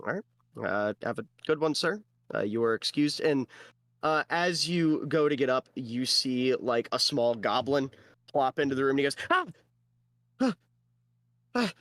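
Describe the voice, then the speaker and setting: A man running a tabletop game, talking easily and filling pauses with "uh" and "like". His voice sits at a middling pitch. The sound is dry and close. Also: no echo. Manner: relaxed, with many fillers. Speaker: game master.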